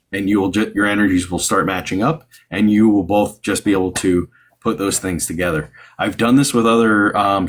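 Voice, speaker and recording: A man's voice: sits low, slight background noise. A man hosting a live stream as a psychic medium, giving rambling, upbeat advice to a caller with many fillers and restarts.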